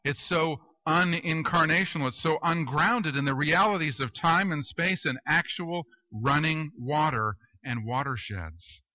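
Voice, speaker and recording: Slow, bright-voiced male preacher. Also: a little high, poor audio. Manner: storytelling with deadpan humor and rhetorical questions. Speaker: pastor. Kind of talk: sermon.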